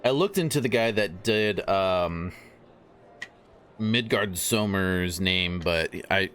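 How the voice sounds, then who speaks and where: A man's voice: deep voice, expressive, slow, a bit bright, slight background noise. A man streaming a video game, chatting casually with viewers, rambling and swearing with lots of restarts. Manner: rambling, profane, stumbling restarts. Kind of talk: casual gameplay chat.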